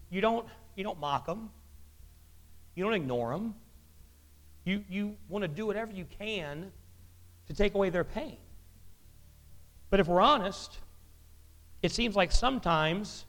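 A man preaching a sermon in a chatty, joking way, his pitch jumping up when he gets animated, in an echoey church hall. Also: measured pace, long pauses. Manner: conversational and joking, with lively pitch jumps. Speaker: pastor.

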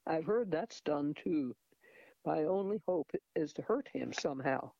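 A woman's voice: low voice, animated, measured pace, gravelly, warm tone, no room sound, lo-fi sound, heavily acted. A man voicing a frightened young Mexican woman fighting off an attacker, with pleading, breathless cries. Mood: desperate.

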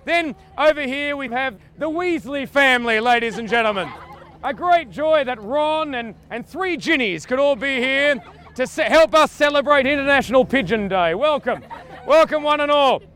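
High-voiced Australian man doing grandiose tour-guide patter. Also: expressive, moderate pace, a bit bright. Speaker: comedian leading a mock street tour. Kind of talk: improvised street comedy. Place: busy city street outdoors.

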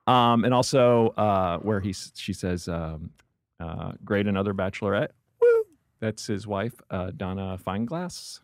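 A man's voice: on the low side, lively intonation, measured pace, dry recording. A man hosting a podcast in a studio, chatting and joking in a rambling way with lots of fillers. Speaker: podcast host. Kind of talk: casual chat. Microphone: studio mic with headphones.

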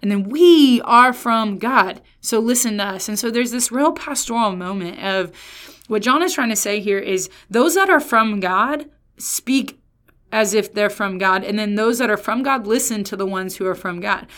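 A woman's voice: medium pitch, moderate pace, fairly bright tone. Chatty, emphatic woman teaching Scripture. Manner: chatty, emphatic, self-interrupting. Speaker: Bible teacher. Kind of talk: casual Bible teaching.

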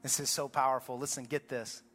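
A man preaching a sermon as pastor to a congregation, emphatic, swinging from urgent high peaks to low quiet lines. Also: level tone, fairly quick, big-room sound. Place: large church auditorium.

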